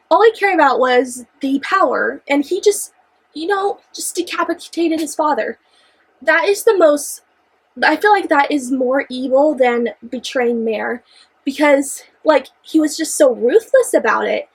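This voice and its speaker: Over poor audio, a high-voiced young woman reviews a favorite book in an excited, casual chat at a measured pace. Expressive and gushing, she exclaims often and stumbles over repeated phrases as her enthusiasm builds.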